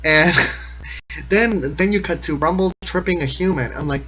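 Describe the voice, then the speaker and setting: A man with a voice pitched a little on the high side runs through a cartoon episode in a loose, joking way. He rambles, pokes fun at the plot and breaks into laughter, while faint music plays underneath. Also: measured pace, fairly bright tone, muffled recording. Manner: rambling, sarcastic, laughs often. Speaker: episode commentator. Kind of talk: casual comedic recap commentary.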